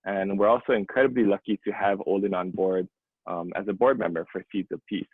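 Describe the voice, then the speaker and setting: Man, earnest host, husky, thin phone-like audio. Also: low-pitched, steady tone, brisk, no room sound. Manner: earnest, gracious, a few fillers. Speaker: webinar host. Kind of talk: scripted introduction. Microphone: video call.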